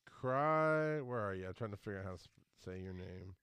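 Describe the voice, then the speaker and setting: A man's voice: on the low side, a little fast, clear, resonant tone, no echo. Rambling male podcast co-host. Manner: rambling, stumbles over words, animated when amused. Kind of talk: casual chat.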